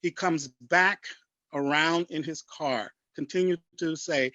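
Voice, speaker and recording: A man on a discussion panel, speaking in an impassioned, forceful way over a video call. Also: fairly high pitch, slow, dry recording, dull audio.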